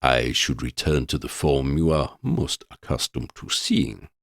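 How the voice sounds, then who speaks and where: A deep, hollow, sepulchral professor, as a male narrator puts him on, speaking with a hint of an Italian accent. His measured, formal courtesy rolls out very low and dry, with wide swings in tone. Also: big pitch swings, creaky, no room sound, full character voice. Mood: courteous. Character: deep-voiced male professor, beast-shifter.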